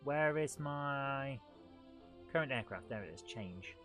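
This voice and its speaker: A man's voice: medium pitch, lively intonation, slow pace, fairly bright tone, faint music behind. A man hosting a live gameplay stream, talking in an exasperated, grumbling way as things go wrong.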